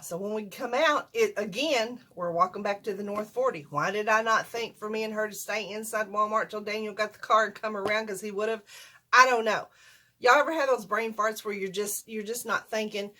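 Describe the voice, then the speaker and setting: An older woman with a drawl tells a long, winding story to her camera at home. She rambles in a folksy way, laughing at herself and circling back with "so anyway." Her voice sits at a middling pitch. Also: fairly quick, sharp tone. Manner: rambling, folksy, self-deprecating. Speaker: vlogger. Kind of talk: casual storytime.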